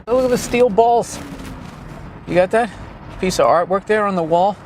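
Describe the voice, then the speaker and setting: This man's voice sits high and moves at a moderate pace, captured in a rough recording with a little hiss or hum. He's vlogging outside on a city street while riding along, offering a crude, sarcastic comedic ramble.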